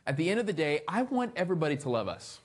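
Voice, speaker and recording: A man preaching a sermon, reading scripture aloud and adding playful, animated asides. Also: on the high side, racing. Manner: reads scripture aloud then comments. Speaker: pastor.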